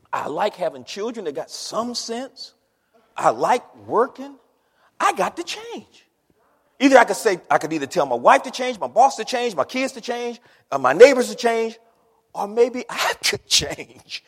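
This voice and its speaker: A pastor preaching a sermon, dramatic, swinging from shouts to hushed words. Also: male voice, sits high, very animated, normal speed, slightly rough. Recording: long hall reverb.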